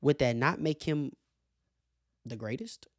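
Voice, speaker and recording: A man hosting a casual sports commentary show, animated and profane, laughing often as he makes his case. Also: medium pitch, unhurried, no room sound, clean studio sound. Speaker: show host.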